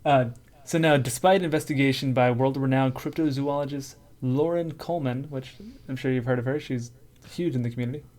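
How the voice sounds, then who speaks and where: A man's voice: medium pitch, fairly even intonation, brisk, darkish tone. A man co-hosting a casual podcast, reading out notes and joking with his co-host, laughing often. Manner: laughs often, reads source notes aloud between jokes. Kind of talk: casual chat.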